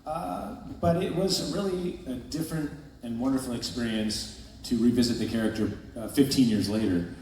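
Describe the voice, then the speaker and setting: Thoughtful man, halting, in an echoey hall. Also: medium pitch, a little mellow, slight background noise. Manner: thoughtful and halting, many fillers. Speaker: panel guest actor. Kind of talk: reflective answer on a convention panel. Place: large convention hall with an audience. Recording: echoey hall recording from far off.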